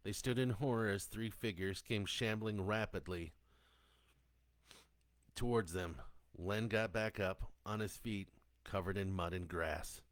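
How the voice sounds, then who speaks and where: A man narrating a zombie horror story, reading in a steady, descriptive storytelling manner. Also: on the low side, a little slow, dry recording. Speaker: audiobook narrator.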